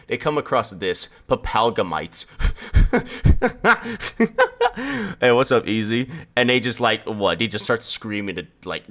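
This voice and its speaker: Man, streamer, lively low voice, profane joking reaction, rambling. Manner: rambling, joking, quick to laugh. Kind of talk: casual profane reaction commentary.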